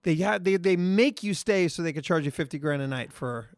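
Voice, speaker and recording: A man's voice: on the high side, lively intonation, a little fast, no room sound, studio quality. A man co-hosting a casual podcast, emphatic and swearing, acting out little scenes. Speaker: podcast co-host. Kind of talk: casual chat.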